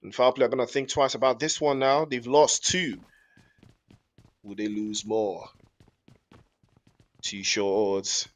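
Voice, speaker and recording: A man's voice: medium pitch, takes it slowly, long pauses. Jokey slangy male esports caster. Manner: jokey, rambling, slangy, laughs often. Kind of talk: live esports commentary mixed with chat banter.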